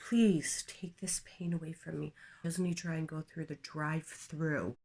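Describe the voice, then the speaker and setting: A woman ranting on her vlog in a crude, profane, candid way, with jumps to loud outbursts and whispered asides. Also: sits low, steady tone, normal speed, creaky, husky. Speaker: vlogger. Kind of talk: casual comedic rant.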